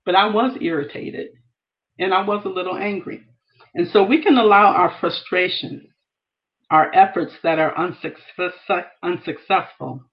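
A woman's voice: fairly low pitch, highs cut off. A woman giving earnest devotional teaching, reading scripture aloud and repeating key phrases. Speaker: Bible teacher.

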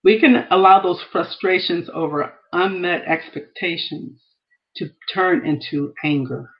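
A woman's voice: on the low side, a little slow, highs cut off. A woman giving earnest devotional teaching, reading scripture aloud and repeating key phrases. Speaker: Bible teacher.

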